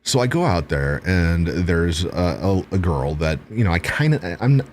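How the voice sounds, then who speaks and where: Deep-voiced man telling a profane story. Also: unhurried, a little hiss or hum. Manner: profane, animated anecdote-telling. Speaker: talk show host. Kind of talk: casual storytelling.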